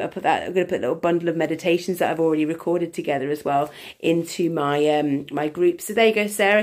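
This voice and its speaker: A woman wellbeing coach talking live to her viewers in a slightly low voice. She moves from slow guided breathing into loose, rambling chat, restarting her sentences and filling gaps with ums. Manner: chatty, rambling, many restarts and fillers. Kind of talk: live session with breathing exercise and viewer questions.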